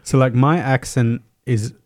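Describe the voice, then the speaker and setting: A man's voice: mid-range voice, steady tone, a little slow, darkish tone, no echo, clean studio sound. A man from Pakistan with an East London accent, English his second language, chatting casually as a podcast co-host. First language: not English. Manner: careful, self-monitoring speech. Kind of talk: casual chat.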